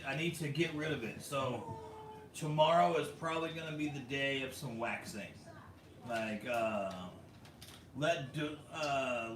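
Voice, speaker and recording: A man's voice: a little high, fairly bright tone, far from the mic. An American man hosting a casual vlog, reading viewer comments in a chatty way with lots of fillers and laughs. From United States. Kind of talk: casual livestream chat. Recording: roomy echo, a bit off mic, faint background hum.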